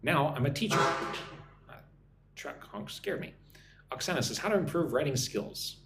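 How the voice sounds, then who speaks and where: A man's voice: on the high side, animated, normal speed, gravelly, over music. An American man in his forties, an English teacher hosting a live-stream lesson, chatting casually as he reads viewer comments aloud and answers them. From United States. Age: 40s.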